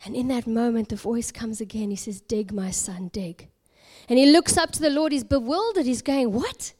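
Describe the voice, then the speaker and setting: A woman from South Africa preaching a sermon as an expressive story, dropping to a hush at key moments. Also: fairly high pitch, brisk. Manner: expressive, dramatic storytelling with hushed whispered moments.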